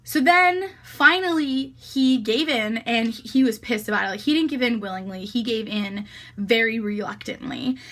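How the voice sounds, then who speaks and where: Animated young woman telling a story. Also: on the high side, normal speed. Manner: animated, heavy use of "like" and swearing. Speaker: vlogger. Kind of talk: casual storytime vlog.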